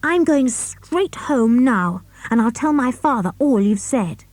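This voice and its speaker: A woman's voice: on the high side, lively intonation, unhurried, a little mellow, no echo, voice pushed up. A woman voicing a stubborn, fierce tomboy girl in an audiobook. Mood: defiant. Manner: stubborn, emphatic. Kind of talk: audiobook character reading.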